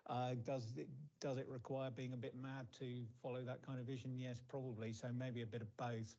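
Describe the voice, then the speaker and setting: A man who founded a robotics company, giving a tour with halting, repeated words. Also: medium pitch, flat delivery, warm tone. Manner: hesitant, repeats words, chuckles. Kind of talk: guided tour interview. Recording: dull lo-fi broadcast audio.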